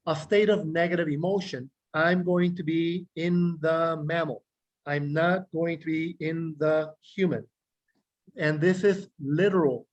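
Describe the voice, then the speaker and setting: A man, a clinical psychologist, explaining self-regulation to a group in a measured way, listing words slowly and asking questions. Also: fairly high pitch, poor audio. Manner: measured, repeats key words in slow lists; speaks directly to listeners, asks rhetorical questions. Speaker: clinical psychologist teaching a meditation class.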